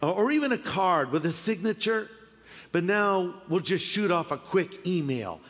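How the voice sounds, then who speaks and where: A middle-aged male pastor delivers a sermon in a high, light voice, spinning humorous stories and slipping into quick impressions. His voice carries a long reverb from a large church hall. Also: animated, a bit bright.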